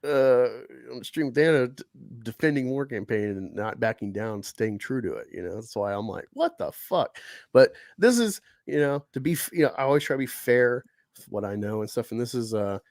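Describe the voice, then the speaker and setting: A man's voice: medium pitch, brisk, no room sound, studio quality. A man hosting a casual live stream, talking in a rambling way with many fillers and restarts. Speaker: streamer host.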